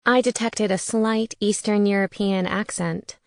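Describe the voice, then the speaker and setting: A woman's voice: medium pitch, moderate pace, darkish tone, dry recording. A woman narrating a first-person audiobook in a wry, conversational way on a close studio mic.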